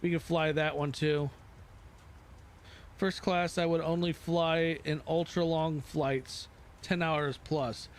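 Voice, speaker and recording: A man's voice: a little high, flat delivery, takes it slowly, a little hiss or hum. Rambling man chatting on a sim stream. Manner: rambling, self-mocking asides. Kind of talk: casual live-stream chat.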